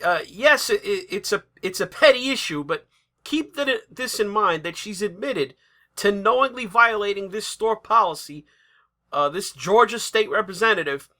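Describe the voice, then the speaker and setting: Commentary host, bright and animated, sarcastic mock outrage. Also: mid-range voice, normal speed. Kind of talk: satirical commentary.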